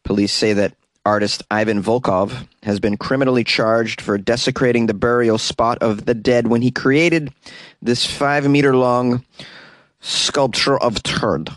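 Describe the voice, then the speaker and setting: A man's voice: mid-range voice, steady tone, unhurried, dry recording. A man hosting a comedic weird-news podcast from a small closet, reading stories and drifting into rambling, self-mocking asides. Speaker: podcast host.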